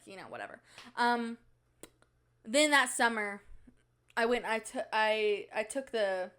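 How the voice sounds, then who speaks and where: A nineteen-year-old woman hosts her own podcast from a small home studio, her mid-range voice a bit bright. Talking solo and casually, she rambles and chats with lots of fillers.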